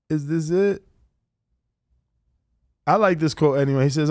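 A man's voice: on the high side, brisk, long pauses, dry recording, clean studio sound. A man chatting casually about boxing and social media, reading out quotes animatedly. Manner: animated, reads quotes aloud with laughs. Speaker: podcast co-host. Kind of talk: casual chat.

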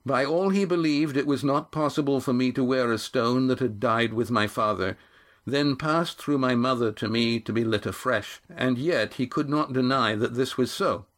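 A man's voice: medium pitch, normal speed, fairly bright tone, voice pushed up, close to an everyday voice. A man voicing a young seafaring grandson who speaks earnestly and declaims a proclamation.

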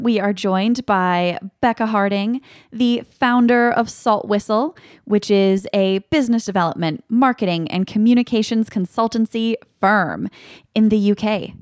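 A woman's voice: on the high side, dry recording, clean studio sound. Chatty woman podcast co-host. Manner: chatty, playful and laughing. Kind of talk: casual chat.

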